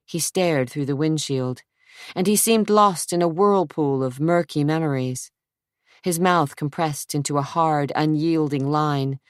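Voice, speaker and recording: A woman narrating a suspense audiobook in a measured, steady storytelling manner. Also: low-pitched, dry recording, studio quality. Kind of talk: scripted narration.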